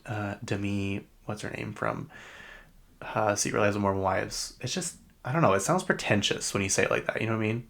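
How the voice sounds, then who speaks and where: A man's voice: on the low side, brisk, a bit bright. A man with a Utah accent hosting a podcast, rambling through casual pop-culture chat. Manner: rambling and chatty, with frequent fillers. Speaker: podcast host.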